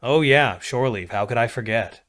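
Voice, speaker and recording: A man's voice: mid-range voice, fast, a bit bright, natural voice. A man voicing a sarcastic tired Marine corporal. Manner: grumbling, sarcastic. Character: sarcastic weary young male Marine corporal.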